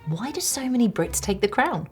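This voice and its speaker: A woman's voice: a little high, sing-song, normal speed, loud music behind the voice. A woman presenting a scripted explainer in a playful, teasing way.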